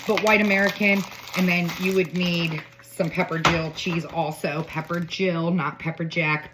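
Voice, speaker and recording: A woman's voice: lowish voice, noisy background. Chatty, jokey woman cooking at home. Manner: chatty, with joking asides. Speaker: home cook. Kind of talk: casual cooking demo. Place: home kitchen.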